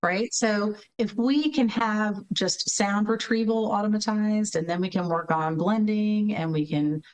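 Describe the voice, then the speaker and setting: A woman interview guest who directs a learning center, explaining in lively casual talk, acting out children and checking in with tag questions. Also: medium pitch, unhurried, poor audio. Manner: animated, acts out children's reading with voices; frequent tag questions, laughs while explaining.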